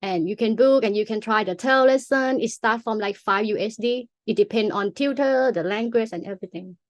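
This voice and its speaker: A woman's voice: on the high side, fairly quick, no room sound. A young woman with a Thai accent, a native Thai speaker, patiently explaining her language as a teacher and sounding out examples. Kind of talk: casual explanatory chat.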